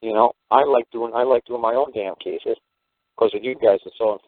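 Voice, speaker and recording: A man's voice: medium pitch, moderate pace, no room sound. A man from the United States, hosting a talk radio show, telling rambling stories in a blunt, profane way. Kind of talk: casual talk radio monologue. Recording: tinny phone-line radio audio.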